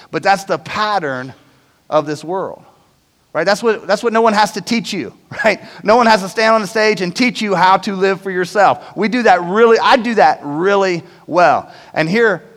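A man preaching in a relaxed, conversational way, checking in with the room through repeated "right?" tag questions. His voice sits high for a man. The sound carries a long reverb, like a large church auditorium. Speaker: pastor. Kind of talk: sermon.

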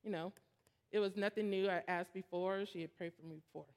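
A woman's voice: medium pitch, fairly even intonation, brisk, a little mellow. A woman preacher giving a sermon in a candid, storytelling way, building to emphatic points. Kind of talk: conversational sermon.

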